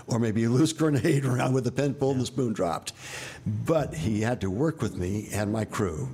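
An American actor and director in his seventies tells rambling, vivid stories full of wry asides in a candid interview. His medium-pitched voice is warm and slightly rough, moving at a moderate pace.

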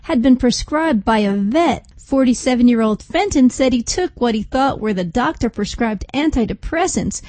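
A woman reporter reading a short news item with wry, deadpan asides. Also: on the high side, normal speed, few pauses. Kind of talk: read news segment.

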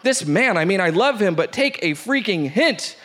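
A man hosting a show, reading a funny first-date story aloud with lively, laughing delivery. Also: sits high, moderate pace. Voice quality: animated, breaks into laughter, shouts out the quoted lines. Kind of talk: comic storytelling read aloud.

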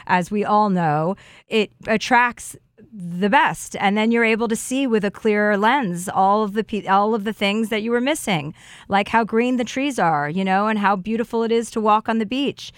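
A woman's voice: mid-range voice, moderate pace, clear, resonant tone, no room sound, studio quality. A woman on a podcast, sharing an earnest and heartfelt personal story in casual chat.

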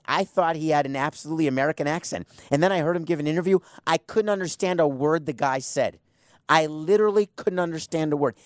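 A man's voice: fairly high pitch, dry recording, studio quality. A man hosting a talk radio show, speaking bluntly and sarcastically in an opinionated monologue. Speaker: sports radio host.

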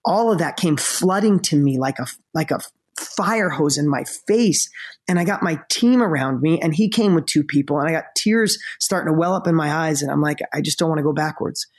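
Husky, emotional man telling a story. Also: fairly high pitch, lively intonation, normal speed. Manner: earnest, emotional, close to tears. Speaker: podcast guest.

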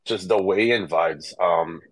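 A man's voice: deep voice, takes it slowly, poor audio. A man calling in to a show, speaking hesitantly with many fillers. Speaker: caller.

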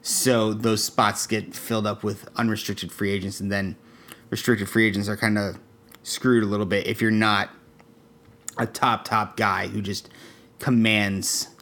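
A young man co-hosting a casual sports podcast, talking things through in a measured, analytical way with ums and restarts. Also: fairly low pitch, little pitch movement, fairly bright tone. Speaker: podcast co-host.

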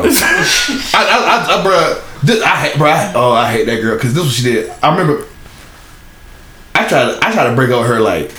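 A young man telling rambling, profane stories in casual podcast chat, with lots of restarts and laughter. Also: medium pitch. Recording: echoey room with faint hiss.

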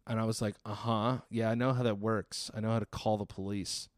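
A man in his thirties telling a profane, exasperated comic story as a podcast host, quickly acting out the people in it. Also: lowish voice, flat delivery, dry recording. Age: 30s. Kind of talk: solo comedic storytelling.

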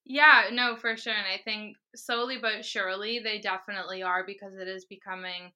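A young adult woman talking as a podcast guest, telling her story in a lively, laughing way. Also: medium pitch, moderate pace. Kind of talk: casual interview chat.

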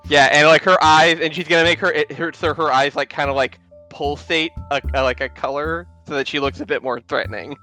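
A man's voice: on the high side, steady tone, a little fast, few pauses, pushed and bright, faint music behind. A man playing a tabletop game, describing his character's actions in long rambling sentences. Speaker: player.

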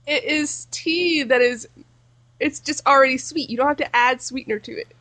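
A woman co-hosting a podcast, explaining things plainly in relaxed chat. Her voice sits high in pitch. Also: normal speed. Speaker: podcast co-host. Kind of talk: casual chat.

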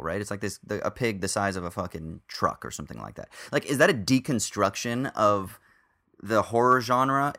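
A man's voice: fairly low pitch, bright, forceful tone. A man co-hosting a podcast, talking films in a casual, swearing way with lots of fillers. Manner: swears freely, many fillers. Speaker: podcast co-host. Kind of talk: casual film discussion.

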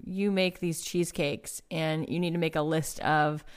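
A woman's voice: low-pitched, fairly even intonation, moderate pace, clean tone. A woman in casual conversation, explaining a scenario through an example and asking how to handle it. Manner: explains with examples, asks questions.

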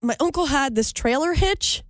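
A woman's voice: high voice, moderate pace, dry recording, studio quality. A woman co-hosting a radio show, chatty and giggly as she tells stories. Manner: giggly, animated storyteller. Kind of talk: casual radio banter.

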